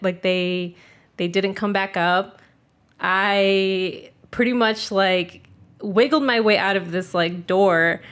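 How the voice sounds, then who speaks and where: A woman's voice: mid-range voice, fairly bright tone, clean tone. A young adult woman telling a story in casual chat, filled with "like" and casual swearing.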